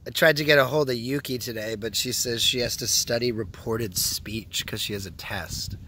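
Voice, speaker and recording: A young man from Canada rambling crudely through a casual vlog, joking a lot and often dropping to a hushed mutter, recorded outdoors in a public spot. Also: medium pitch, normal speed, a little hiss or hum. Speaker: vlogger.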